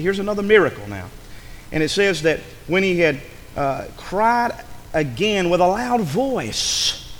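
A man preaching a sermon, dramatic, dropping to a hush and rising to a shout. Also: fairly high pitch, big-room sound, slight background noise.

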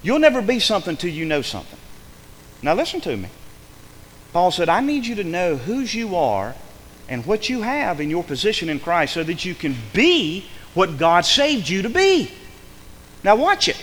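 A man preaching a sermon in a church with emphatic delivery, swinging between hushed passages and loud, fervent ones. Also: sits high, big pitch swings, normal speed, in a large hall, slight background noise.

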